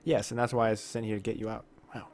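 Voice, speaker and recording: A man's voice: lowish voice, little pitch movement, fast, darkish tone, a little hiss or hum, lightly acted. A man reading the lines of a solemn companion who explains the forest's myths, in an earnest, explanatory way.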